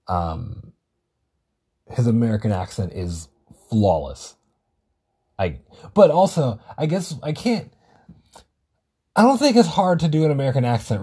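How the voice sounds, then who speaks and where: A man's voice: medium pitch, mellow, husky. A man hosting a solo podcast, talking in a rambling casual way, swearing and correcting himself often. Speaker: podcast host.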